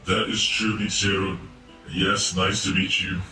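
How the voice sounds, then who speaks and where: A man's voice: low voice, little pitch movement, a little slow, vocal fry. A man streaming a game live through a voice changer, chatting casually to his viewers. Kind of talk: live gameplay stream commentary. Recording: echoey room, far from mic, game music.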